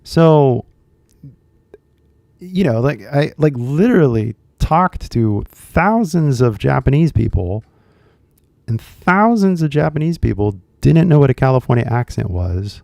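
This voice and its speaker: A man's voice: mid-range voice, big pitch swings, measured pace, vocal fry, a little mellow, no echo, clean studio sound. An American man, an English teacher, talking casually on a live stream and rambling with lots of "you know" and "like" fillers. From United States.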